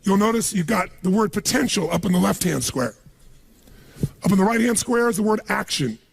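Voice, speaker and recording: Raspy, gravelly motivational speaker. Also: male voice, high-pitched, animated, a little fast. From United States. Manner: emphatic, calls on the crowd to answer. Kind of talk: live seminar speech to an audience.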